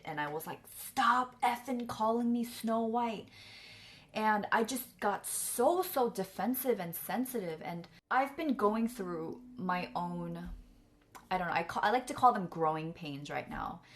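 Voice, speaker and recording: A young woman telling a personal story candidly, full of fillers and close to tears. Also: medium pitch. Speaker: vlogger and coach.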